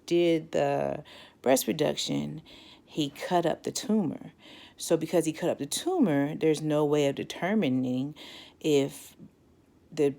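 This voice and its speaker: A woman's voice: deep voice, creaky. A woman, casually telling her own story and acting out what people said. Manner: lively, acts out quotes with animated voices.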